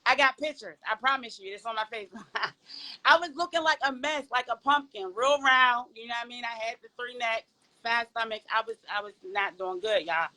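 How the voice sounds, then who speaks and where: Lively bright-voiced woman from Pittsburgh. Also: a little high, a little fast, rough recording. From Pittsburgh, Pennsylvania. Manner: animated, talks to the audience as y'all, folksy. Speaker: podcast guest. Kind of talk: casual testimonial chat.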